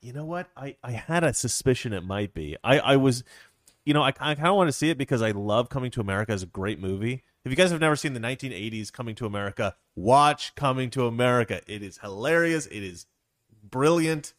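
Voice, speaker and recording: Animated, laughing man rambling on a livestream. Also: medium pitch, quick pace, dry recording, studio quality. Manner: animated, rambling storyteller who laughs often. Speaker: livestream host. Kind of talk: casual chat reading viewer comments.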